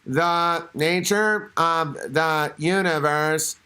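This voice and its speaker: A man doing a mocking impression of a famous physicist's speech-synthesizer voice, flat and mechanical. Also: fairly high pitch, extremely slow, clean tone, voice pushed down, full character voice. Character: robotic computer-voiced male physicist, flat and slow.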